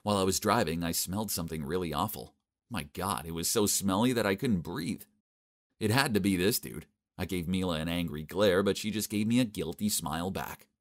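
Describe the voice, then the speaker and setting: Young male narrator, deep voice, exasperated and complaining, scripted animated-story read. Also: a little fast.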